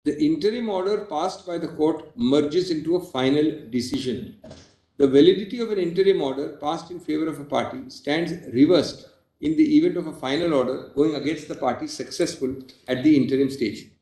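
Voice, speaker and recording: A man with an Indian English accent, a senior advocate making a formal, emphatic legal argument in court, often pausing on "well, as". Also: fairly high pitch, warm tone. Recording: echoey courtroom audio.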